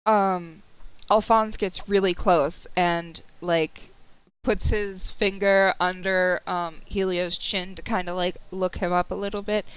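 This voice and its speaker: A woman runs a tabletop game, speaking slowly and calmly with plenty of fillers. Her voice is smooth and clear. The sound is dry and close. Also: lowish voice, no room sound, poor audio. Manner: relaxed, unhurried, with many fillers. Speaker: game master.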